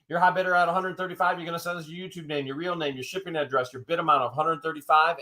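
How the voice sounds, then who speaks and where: A man running a live-stream auction, his voice bright and forward as he calls the high bids loudly and trades jokes with the chat. He keeps a casual, playful patter going between the lots. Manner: joking, loud announcer-like calls. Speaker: livestream auction host.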